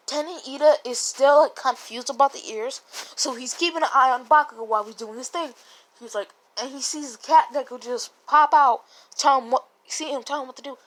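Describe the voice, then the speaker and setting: A woman's voice: high voice, brisk, a bit bright. A woman casually retelling a fan story in a rambling, profane way, often laughing and correcting herself.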